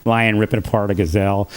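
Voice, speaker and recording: A man's voice: mid-range voice, darkish tone. Man rambling on a livestream. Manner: rambling, chuckles often between thoughts. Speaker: livestream host. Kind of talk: rambling solo livestream talk.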